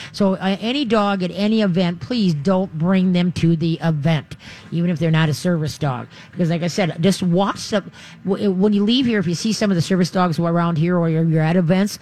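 A man hosting a radio call-in show, giving folksy, animated advice on dog training. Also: high-pitched.

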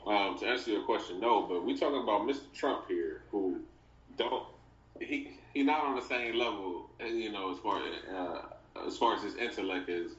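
A man co-hosting a podcast in casual political banter, talking in a halting, slangy, profane way. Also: on the low side, fairly bright tone. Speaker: podcast co-host. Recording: distant, roomy, dull lo-fi sound.

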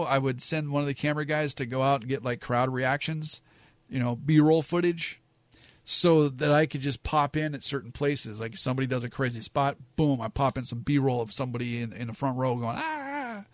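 Casual male opinion host, frank and rambling, mid-pitched, dry room. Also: fairly even intonation, moderate pace, no room sound. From Southern California. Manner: rambling, frank, many fillers. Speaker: wrestling commentator.

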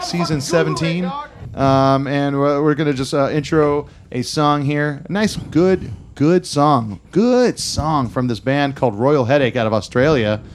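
A man hosting a casual podcast, rambling and cursing, with lots of fillers. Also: fairly high pitch. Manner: rambling, swears, many fillers. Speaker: podcast host. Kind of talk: casual chat. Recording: noisy recording.

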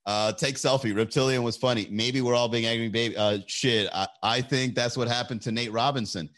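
A man's voice: mid-range voice, fairly even intonation, fairly quick, fairly bright tone. Joking, rambling male streamer. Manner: rambling, joking, profane, laughs often. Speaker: live-stream host. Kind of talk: casual live-stream chat.

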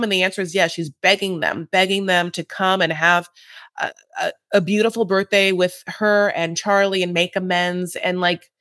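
A man's voice: sits high, steady tone, normal speed, sharp tone, no echo, clean studio sound. Sassy campy man recapping reality TV. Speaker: podcast co-host. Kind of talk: casual reality TV recap chat.

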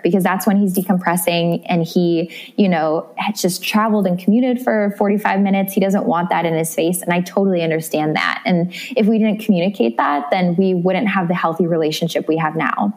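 A young woman talks as an interview guest, chatty and bubbly in a lower register. When she quotes someone she jumps high in pitch, then settles back into easy conversation. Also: darkish tone. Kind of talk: casual interview chat.

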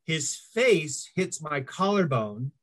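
This is a middle-aged male guest with a fairly high, slow voice. Chatting casually in an interview, he spins lively tales and imitates the people he quotes.

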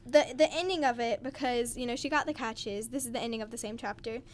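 A young woman talking casually as co-host of a book discussion, with a chatty, excitable manner full of "like". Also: a little high, fairly quick, a little hiss or hum. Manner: chatty, lots of "like", excitable rants. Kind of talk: casual chat. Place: home.

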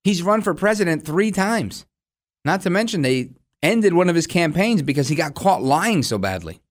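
A man's voice: a little high, big pitch swings, normal speed. A man hosting a political talk show, giving combative, sarcastic opinion commentary.

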